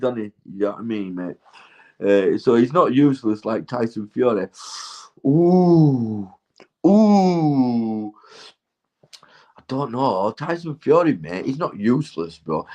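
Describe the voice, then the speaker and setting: A man's voice: mid-range voice, a little mellow, muffled recording. Northern English man, 40s, intoxicated livestreamer; meandering monologue, laughs at his own thoughts, swears freely. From England. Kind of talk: rambling casual chat to viewers.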